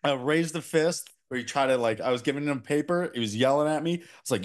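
A man's voice: mid-range voice, fairly quick, hardly any pauses. A man from New Jersey hosting a casual podcast, telling stories in a blunt, profane way. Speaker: podcast host.

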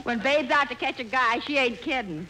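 A woman's voice: on the high side, normal speed. A woman co-starring in a 1940s radio comedy, delivering punchlines in a dry, breezy way. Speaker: comedic co-star. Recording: very hissy 1940s radio broadcast.

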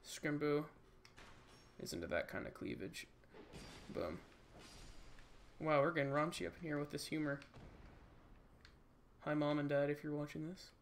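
A man's voice: a little high, a little slow, vocal fry, long pauses, slight background noise. A man giving casual let's-play commentary, joking and rambling and talking to the enemies on screen. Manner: jokey, rambling, talks to game enemies. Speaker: gaming channel host.

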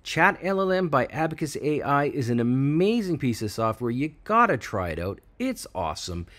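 A man hosting a tech channel, chatting excitedly through a screen-recorded software walkthrough and hyping each feature. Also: medium pitch, moderate pace.

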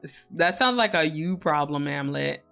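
A woman's voice: low-pitched, lively intonation, normal speed, vocal fry, a bit bright, soft background music. A young woman hosting a co-working stream, chatting casually with viewers in a rambling way, full of fillers, swearing and laughter.

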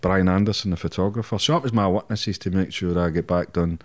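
Fast-talking and low-voiced, this middle-aged man from Scotland appears as a podcast guest. He spins stories in a casual chat, cursing frequently and breaking into laughter mid-tale.

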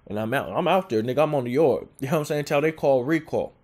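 A man's voice: mid-range voice, fast. Man in his 20s from California, casual street storyteller, loose and laughing. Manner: streetwise slang, laughs often, animated retelling.

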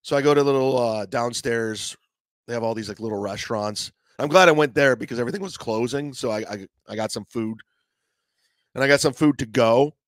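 A man hosting a comedy podcast, telling a profane, animated story in a casual way and acting out the voices of others. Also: mid-range voice, a little fast, no room sound.

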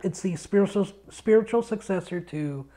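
A man co-hosting a podcast from his home studio, telling stories in a casual, excitable way and swearing often. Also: sits high, normal speed. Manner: excitable storyteller, swears a lot. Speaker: podcast co-host.

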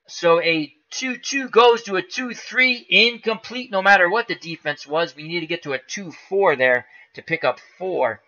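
Man, higher-pitched and very bright, casual play-by-play of a dice football game over dull lo-fi stream audio. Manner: casual, explains dice rolls aloud, excitable at big plays. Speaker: tabletop football game host.

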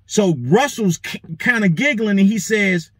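This show host, a man with a high voice, tells a profane story at an unhurried pace and performs the lines of everyone in it. He's animated and swears a lot. There's no room sound.

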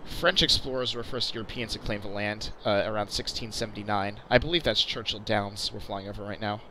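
A man's voice: on the low side, steady tone, fairly quick, pushed and bright, low-quality recording. A young man hosting a casual flight simulator tour, chatting along with many fillers and restarts over a faint background hum. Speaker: video host. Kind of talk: casual flight sim commentary.

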